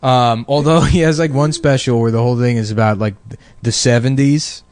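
A man in casual chat, telling stories in a profane and animated way. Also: medium pitch, moderate pace, smooth, no echo.

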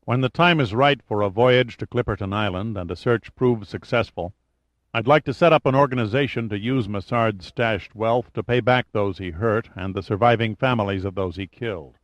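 A man voicing a calm, commanding male hero who speaks level and firm, in a dull lo-fi audiobook recording. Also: fairly low pitch, normal speed, no echo, natural voice.

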